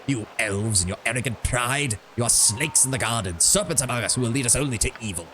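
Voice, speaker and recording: A man's voice: mid-range voice, quick pace, background noise, lightly acted. A man reading as a hateful zealot. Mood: scornful. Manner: accusing, preachy. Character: hateful zealous human man ranting at elves.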